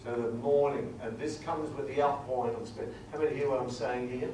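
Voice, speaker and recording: A man teaching a sermon through numbered points, reading scripture slowly and with emphasis. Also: mid-range voice, steady tone, slight background noise. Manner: grows quiet and emotional at times. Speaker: preacher. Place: large echoey hall. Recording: echoey hall recording from far off.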